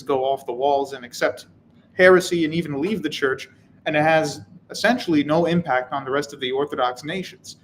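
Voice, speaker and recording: A man's voice: on the high side, a little hiss or hum, rough recording. A man hosting a live stream, reading chat comments and answering in a casual, wry, rambling way. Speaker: channel host.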